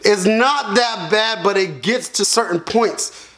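A man vlogging to camera in a casual, animated way, calling his viewers y'all and yelping and groaning as he peels a painful mask. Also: high voice, slow pace.

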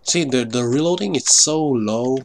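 A man's voice: mid-range voice, expressive, moderate pace, a little hiss or hum. A man giving live gameplay commentary, swearing often in frustrated outbursts over keyboard clicks. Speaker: gamer.

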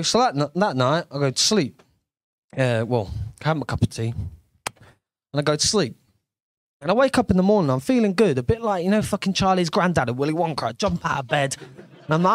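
A man's voice: on the high side, animated, a little fast, no room sound. A young man doing a brash, sweary stand-up comedy set on a club stage.

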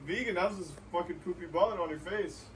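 A man talking in an excitable, joking way. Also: sits high, quick pace, recorded from a distance, background noise.

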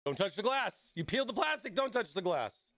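A man hosting a casual livestream, excitable and hyped, talking straight to his chat. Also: sits high, fairly quick, no room sound, clean studio sound. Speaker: livestream host.

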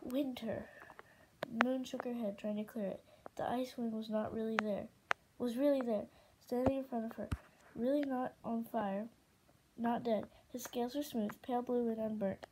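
A woman reading a novel aloud in a steady, expressive way. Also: a little high, moderate pace, background noise. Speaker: audiobook reader.

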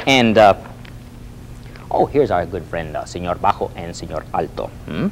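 A man teaching a lively Spanish lesson, repeating phrases for students to echo and coaxing them with a questioning "Hmm?". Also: low voice, moderate pace, a little hiss or hum. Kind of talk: lively spoken language lesson.

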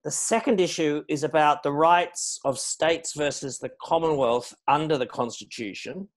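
A middle-aged man giving a public lecture as guest speaker, measured and anecdotal, stressing key words. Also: on the high side. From Australia. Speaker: guest speaker on foreign policy.

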